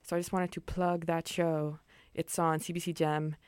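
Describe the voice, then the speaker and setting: A woman's voice: low-pitched, flat delivery, normal speed, a little mellow, clear, resonant tone, dry recording. Chatty young woman on college radio. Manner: chatty, rambling, many fillers. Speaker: campus radio co-host. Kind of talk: casual radio chat. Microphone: studio microphone.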